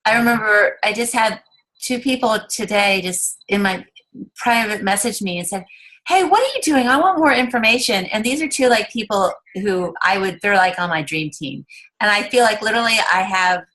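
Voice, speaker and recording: A woman on a coaching call, nervous and excited, giggling as she asks for advice. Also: mid-range voice, normal speed, rough recording. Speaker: team member asking a question.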